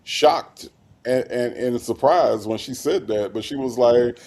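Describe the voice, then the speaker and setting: A man's voice: mid-range voice, unhurried, darkish tone. A man co-hosting a casual livestream commentary, laid-back, slangy and dryly teasing. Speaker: co-host.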